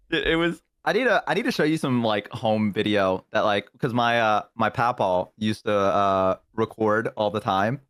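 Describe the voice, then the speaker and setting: A young man with a Southern US accent chatting casually on a stream, rambling through childhood stories and jumping into high voices to quote people. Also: expressive, a little slow, a bit bright, smooth, no echo, clean studio sound. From American South. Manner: rambling, jumps into high voices when quoting. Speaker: stream co-host. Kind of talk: casual chat, storytelling.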